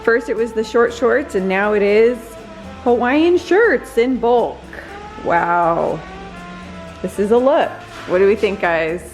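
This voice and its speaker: A woman's voice: fairly high pitch, animated, takes it slowly, soft background music. A woman in her thirties chatting casually to camera in a lifestyle vlog, bubbly and talking straight to her viewers. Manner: chatty, bubbly, addresses viewers as "you guys". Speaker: vlogger, working mom.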